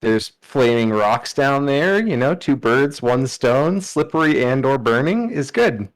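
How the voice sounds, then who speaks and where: Man, tabletop player, casual relaxed chat, animated pitch, dry sound. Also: a little slow, dry recording. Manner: asks rules questions in a relaxed way.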